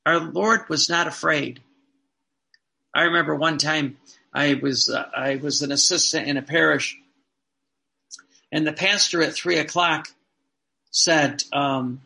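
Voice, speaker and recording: A man's voice: fairly high pitch, fairly even intonation, measured pace, vocal fry, long pauses, pushed and bright. A man, a Catholic priest, preaching a sermon earnestly, repeating phrases and asking the listeners rhetorical questions.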